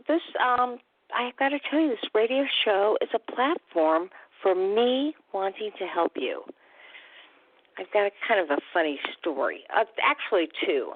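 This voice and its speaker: A recovery coach hosts a radio talk show, her medium-pitched voice chatty and upbeat with casual fillers. The sound is dry and tinny, like a phone line.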